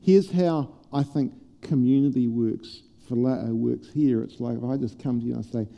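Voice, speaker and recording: A man preaches with a gravelly, deeply mellow voice, joking with the congregation and then easing into hushed prayer. The recording sounds slightly muffled and lo-fi. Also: normal speed, in a large hall. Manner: animated, humorous preaching that turns soft and prayerful. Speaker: pastor. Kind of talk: sermon. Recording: dull lo-fi church sermon recording.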